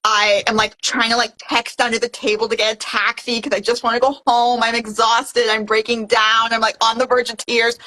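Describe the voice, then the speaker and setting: A young woman from Canada telling a personal story in an animated way, with lots of "like". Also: fairly high pitch, poor audio. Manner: fast and animated, heavy use of "like". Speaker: guest. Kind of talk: casual testimonial storytelling.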